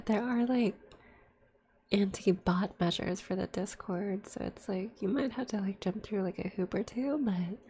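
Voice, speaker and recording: A woman's voice: medium pitch, dark tone, slight background noise. A sick woman streamer in a whispered ASMR chat, rambling casually and swearing a lot between whispers.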